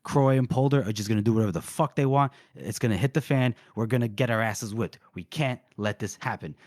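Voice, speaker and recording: A man's voice: mid-range voice, fairly quick, darkish tone, dry recording, studio quality, voice pushed down, natural voice. A man doing a foul-mouthed army officer. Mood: urgent. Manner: blunt, profane, threatening. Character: angry male army officer giving orders.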